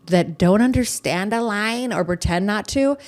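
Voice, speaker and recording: A woman's voice: mid-range voice, unhurried, a little mellow. Woman comedian guest, mid-range voice, emphatic ranter. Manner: emphatic, ranting, swears. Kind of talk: casual chat.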